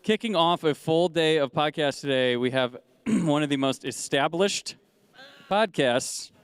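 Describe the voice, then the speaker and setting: A man's voice: a little high, a little slow, clean tone, no room sound. A man announcing a live podcast on a convention stage, upbeat with a few hesitations.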